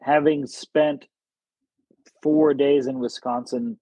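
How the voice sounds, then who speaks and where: A man's voice: medium pitch, fairly even intonation, slow, warm tone, husky, no room sound. A man who is a chef, guesting on a podcast and chatting casually in a laid-back, dry way. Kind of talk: casual chat.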